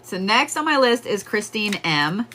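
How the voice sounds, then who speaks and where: A woman's voice: medium pitch, big pitch swings, unhurried, sharp tone, slight background noise. A woman giving casual psychic readings on a livestream, chatting with viewers and laughing often.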